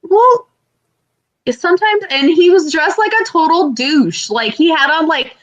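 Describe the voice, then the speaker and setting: A young woman co-hosting a podcast, telling stories in an animated way with loud outbursts and lots of swearing. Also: very high-pitched, measured pace, dull audio. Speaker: podcast co-host. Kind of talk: casual chat.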